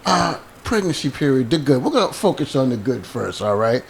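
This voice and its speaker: A man's voice: medium pitch, very animated, a little fast, gravelly, slightly rough. A man hosting a talk show panel, joking and bantering with his co-host.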